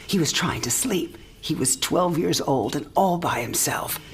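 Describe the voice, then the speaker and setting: An actress playing an elderly mother on her last night alive, wry, teasing and frank, often speaking softly in a game cinematic. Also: deep voice, lively intonation, a little slow, a little hiss or hum. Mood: tender. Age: older. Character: dying elderly mother, warm, sharp-witted, frank. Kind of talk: video game cinematic drama.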